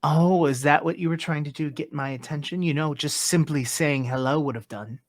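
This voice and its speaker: A man voicing a smooth-talking male villain leader, speaking with silky, condescending menace in a tabletop game. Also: a little high, moderate pace, no room sound, studio quality, lightly acted. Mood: scornful. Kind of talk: in-character tabletop role-play.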